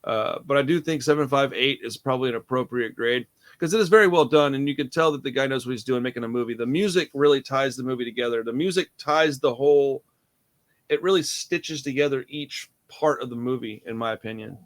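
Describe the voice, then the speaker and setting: A young man hosting a relaxed movie talk. He rambles loosely and calls his co-host dude and bro. His voice sits in an ordinary middle pitch. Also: fairly quick. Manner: laid-back, rambling, says dude and bro. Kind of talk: casual movie review chat.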